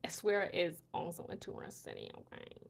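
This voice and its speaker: A woman's voice: on the low side, wildly swooping pitch, brisk, creaky, slight background noise. An American woman hosting a casual live chat, reading viewer comments aloud and laughing often between words. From United States. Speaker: host of a language channel.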